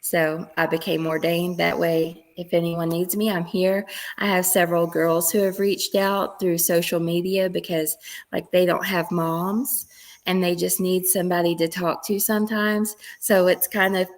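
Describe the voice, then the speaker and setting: A woman's voice: lowish voice, flat delivery, normal speed. A woman with a Kentucky accent, a guest chatting openly and laughing easily in an interview. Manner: open, laughs often. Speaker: guest, former wrestler. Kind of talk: casual interview chat.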